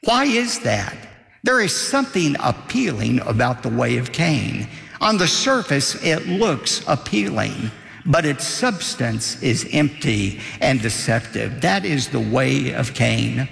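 An older man, a pastor, preaching a sermon with emphatic rises and drops in a gravelly voice. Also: medium pitch, a bit bright, reverberant, in a large hall.

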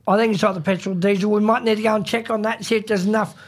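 A man's voice: high-pitched, flat delivery, racing, breathy edge. A man with an Australian accent hosting a casual afternoon radio show, laid-back and folksy, repeating himself. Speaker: radio host.

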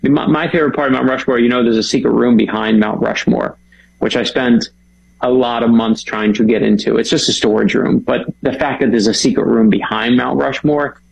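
A man's voice: medium pitch, fairly quick, gravelly, breathy edge, poor audio. A man, an author and guest, chatting with enthusiasm and telling stories. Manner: enthusiastic storyteller, animated. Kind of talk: casual chat.

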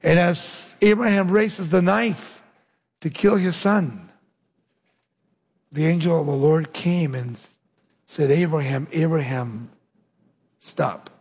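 A man preaching a sermon with emphatic delivery, dropping low and slow to stress key points. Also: a little mellow, slightly rough, in a large hall. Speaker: pastor.

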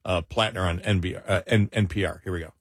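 A man's voice: deep voice, quick pace, husky, dry recording, studio quality. A man co-hosting a talk show, chatting casually and sarcastically, laughing often. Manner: animated, laughing, sarcastic, stumbles into restarts. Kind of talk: casual chat.

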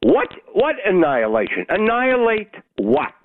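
A man's voice: high voice, huge pitch swings, normal speed, dry recording. An older man calling in to a talk radio show, blunt, agitated and argumentative. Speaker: caller. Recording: tinny phone line.

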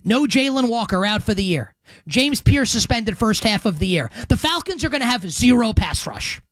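A man's voice: high-pitched, moderate pace, no echo. Emphatic male sports talk host. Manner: emphatic, animated, crude joking asides. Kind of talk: sports radio and podcast predictions.

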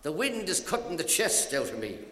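A man voicing a panicked man shouting from the back of a motorbike, in an echoey hall. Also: a little high, sing-song, normal speed. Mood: desperate. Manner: shouting in distress. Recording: echoey hall, audience noise.

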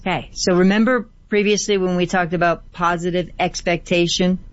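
A woman appearing as a guest on a call-in radio show who gives gentle advice and often repeats words for emphasis. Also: on the low side, steady tone, normal speed. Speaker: guest healer. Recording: dry, slightly dull audio.

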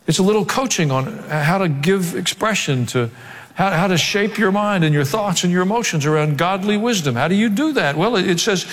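A man's voice: high voice, lively intonation, brisk. A male pastor preaching a sermon, swinging between joking asides and emphatic exhortation. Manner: humorous asides, emphatic rising delivery. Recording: long hall reverb.

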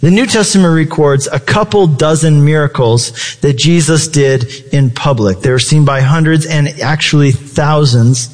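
In a reverberant hall, a pastor delivers a sermon in a conversational style full of rhetorical questions. His voice is fairly high and a little mellow.

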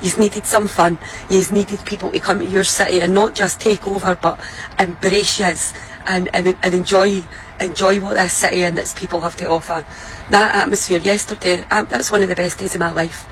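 A woman's voice: medium pitch, little pitch movement, moderate pace, a little hiss or hum, low-quality recording. A woman with a Scottish accent delivering a heartfelt, grateful message. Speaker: visitor giving a message in a clip.

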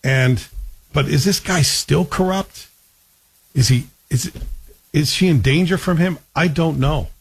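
A chatty man with a husky, slightly breathy voice talks through a TV series in a casual, wry review. His voice sits a little higher than most men's, and he keeps it conversational with asides to the listener. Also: a little slow.

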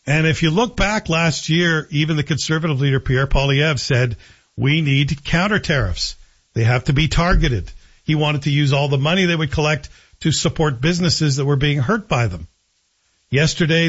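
Husky man ranting on air. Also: on the high side. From Canada. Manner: animated, sarcastic ranting. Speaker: radio talk host. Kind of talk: opinion commentary. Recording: dull lo-fi broadcast audio.

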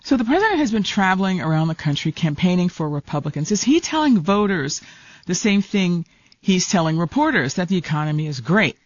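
Female news anchor, calm interviewer, dry studio, a bit dull. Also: on the low side, brisk, dry recording. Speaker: news show host.

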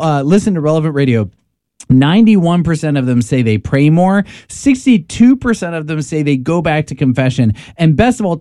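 A man's voice: on the high side, warm tone, no echo, clean studio sound. A man co-hosting a radio pledge drive, making an earnest, persuasive appeal. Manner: earnest, persuasive, stumbles when fired up. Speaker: radio co-host.

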